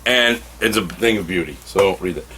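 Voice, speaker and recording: A man reviewing comic books in a casual, animated way, now and then acting out characters' lines. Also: low-pitched, moderate pace, noisy background.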